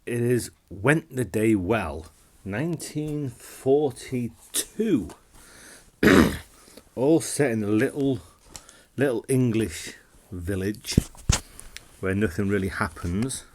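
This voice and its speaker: A man with a fairly low voice gives a casual film review vlog. He talks to camera in a relaxed, rambling way. He often repeats words and restarts sentences as he goes. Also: slow, long pauses.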